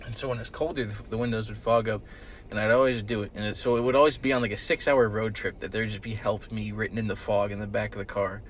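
A man's voice: on the low side, steady tone, quick pace, slight background noise. Rambling, cursing young man telling stories. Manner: rambling storyteller, swears a lot, loud bursts when quoting. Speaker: podcast co-host. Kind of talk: casual chat. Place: in a car with friends.

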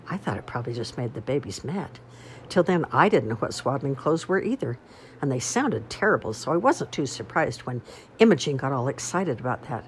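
A woman narrating a storybook in a wry, expressive first-person manner. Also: extremely low pitch, fairly quick, a little hiss or hum. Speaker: audiobook reader.

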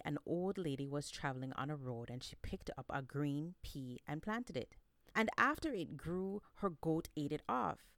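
Lively woman storyteller, lowish voice. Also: no echo. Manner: expressive, lively read-aloud. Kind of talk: storytelling narration.

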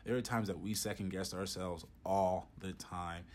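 Low-voiced man co-hosting a chat. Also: fairly even intonation, moderate pace. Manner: encouraging, brief affirmations. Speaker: podcast co-host. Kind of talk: casual chat.

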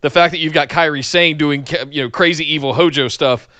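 A man from South Carolina co-hosts a casual wrestling podcast, reacting with eager enthusiasm. His slightly higher voice is bright and tense, and the sound is dry and close. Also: brisk, dry recording. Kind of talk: casual chat.

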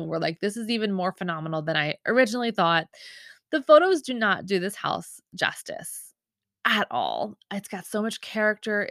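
A woman's voice: medium pitch, a bit bright, no echo. Woman in her 30s podcasting, casual rambly story chat, lots of um and like, dry sound. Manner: chatty and emotional, many fillers and asides. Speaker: podcast host.

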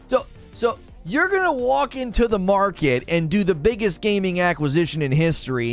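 A man hosting a live stream, reading chat aloud and ranting sarcastically about the news. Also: fairly high pitch. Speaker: livestream host.

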